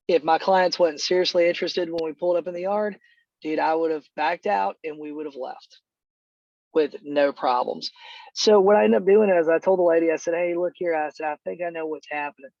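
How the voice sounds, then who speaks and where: A middle-aged man with a fairly high voice tells a long, rambling story, dropping "dude" and "man" all through it. The call audio is dry and a little dull. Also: moderate pace, creaky, darkish tone, dry recording. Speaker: real estate agent.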